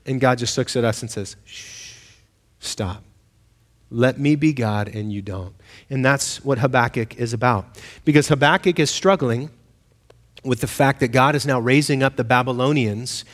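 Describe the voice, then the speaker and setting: A man's voice: mid-range voice, normal speed, big-room sound. A man preaching a sermon in a conversational way, asking the congregation questions and acting out the voices he quotes. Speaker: pastor.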